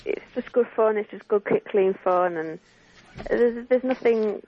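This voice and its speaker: A woman's voice: mid-range voice, unhurried. Woman on a muffled phone line. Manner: brief, unbothered, plain answers. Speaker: phone-in guest. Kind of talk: phone interview. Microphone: telephone.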